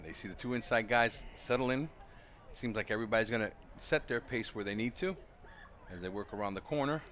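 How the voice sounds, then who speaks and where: Fast-talking male track coach commentating. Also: mid-range voice, slight background noise. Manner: animated storyteller, voices quoted people loudly. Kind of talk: live sports commentary with storytelling. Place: outdoor track meet.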